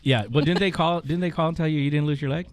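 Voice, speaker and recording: A man's voice: fairly high pitch, steady tone, quick pace, dry recording. A man hosting a casual chat, telling a long story with swearing and laughter. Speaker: podcast host.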